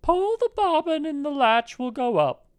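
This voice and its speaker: A man voicing a frail old grandmother in a storybook reading, in a high quavering falsetto. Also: very animated, unhurried, exaggerated voice.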